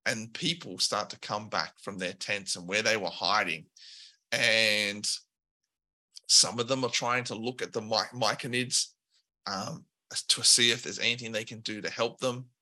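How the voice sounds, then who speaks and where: A man narrating a tabletop game as game master, describing scenes in a relaxed way with filler words. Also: lowish voice, measured pace.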